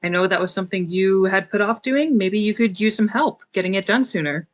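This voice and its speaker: A player voicing a polite adventurer who speaks gently and measuredly. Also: medium pitch, a little fast, lightly acted. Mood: persuasive.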